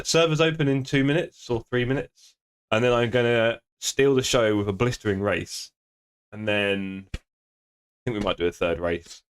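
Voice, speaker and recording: A man talking casually into a desk microphone at home while streaming a racing game. His banter with viewers is loose and joking, and he laughs often, with a pitch in the ordinary middle for a man. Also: clean tone. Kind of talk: casual live-stream chat reading viewer comments.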